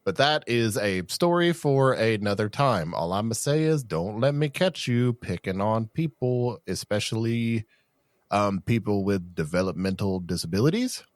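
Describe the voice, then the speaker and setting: A man's voice: fairly low pitch, animated, normal speed, no echo, clean studio sound. A man co-hosting a podcast, talking bluntly and casually, with some swearing. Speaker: podcast co-host. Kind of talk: casual chat.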